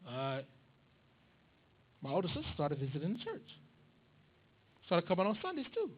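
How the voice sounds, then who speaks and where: A man's voice: high voice, moderate pace, highs cut off, a little hiss or hum. A young man preaching a sermon, telling a family story animatedly and acting out the voices. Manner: animated, acts out dialogue.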